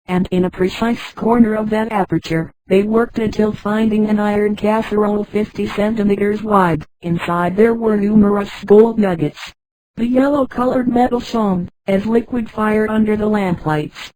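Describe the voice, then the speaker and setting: A text-to-speech woman's voice narrating a story in a flat delivery, reading punctuation marks aloud. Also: medium pitch, moderate pace, no echo, rough recording.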